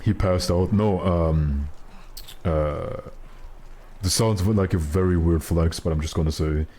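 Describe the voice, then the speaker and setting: A young man with a naturally very deep voice, chatting casually on a game stream, rambling and joking with lots of fillers. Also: slow, dark tone, husky.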